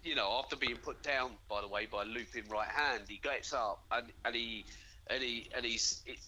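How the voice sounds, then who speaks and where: A man's voice: fairly quick, bright, forceful tone. A man co-hosting a casual podcast by phone, stumbling over repeated words as he rambles. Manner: repeats words when starting sentences, rambling. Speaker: podcast co-host. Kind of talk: casual chat. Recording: low phone-call audio with faint noise.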